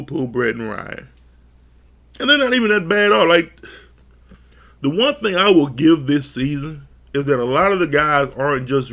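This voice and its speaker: A man reviewing a reality dating show in casual, profane commentary, often laughing as he acts out what the cast said. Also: on the high side. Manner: laughs often, swears freely, animated retellings.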